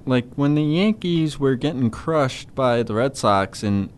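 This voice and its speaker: A man co-hosting a casual sports podcast, talking in halting starts and restarts. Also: mid-range voice, expressive, clean tone. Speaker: podcast co-host.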